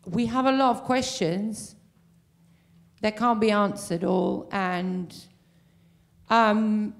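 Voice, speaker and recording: A woman in the audience speaking up as a local resident, heartfelt and halting, with pauses and fillers. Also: mid-range voice, steady tone, gravelly. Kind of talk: question from the floor.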